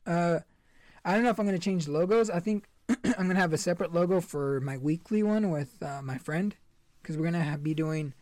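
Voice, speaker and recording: Young guy hosting a podcast, rambles and swears, kinda high voice, dry room. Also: brisk, darkish tone, no room sound. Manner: laid-back, rambling, swears a lot. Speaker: podcast host. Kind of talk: casual chat.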